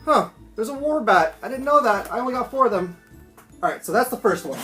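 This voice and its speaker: A man chatting excitedly and swearing casually through a home unboxing vlog. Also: very high voice, brisk. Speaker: toy collector vlogger. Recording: roomy echo, faint background music.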